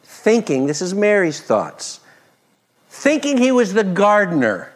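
A man preaching a sermon, expressive, moving between loud emphasis and soft, hushed passages. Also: sits high, measured pace. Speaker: pastor.

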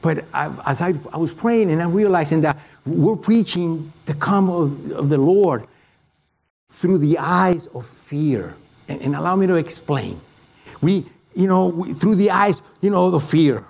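A middle-aged man with a foreign accent preaching a sermon and telling a personal story in an animated way, with many halting restarts. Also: on the high side, gravelly.

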